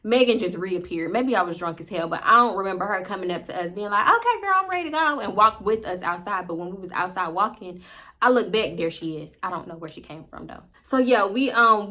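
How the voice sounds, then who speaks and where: A woman in her twenties with a Houston accent, telling a story in an animated, profane way to her viewers. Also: medium pitch, brisk. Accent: Houston, Texas. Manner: profane, animated, laughing asides. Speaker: vlogger. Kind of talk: casual storytime monologue.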